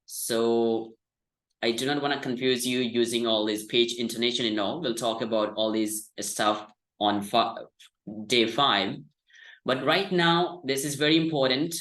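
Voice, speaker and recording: Slow, patient male English teacher. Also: mid-range voice, steady tone, fairly bright tone. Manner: patient, explanatory, exaggerates stressed syllables for demonstration. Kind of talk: online language lesson. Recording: echoey room.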